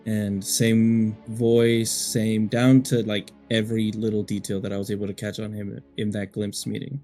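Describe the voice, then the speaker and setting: A man's voice: on the low side, level tone, normal speed, warm tone, soft background music. A man from Mexico playing a tabletop game, talking hesitantly with many restarts. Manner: hesitant, lots of fillers and restarts. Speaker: player. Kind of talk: casual tabletop game play.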